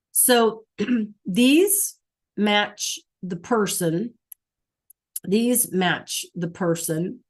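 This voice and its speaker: A woman teaching a Spanish class online over a computer mic, patient, checking in often with "okay?" and "right?". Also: medium pitch.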